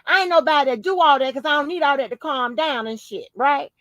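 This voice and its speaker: This woman, a podcast host, has a high-pitched voice and talks fast, the recording muffled but free of echo. Chatting casually, she tells a story with loads of cursing and forceful, animated emphasis.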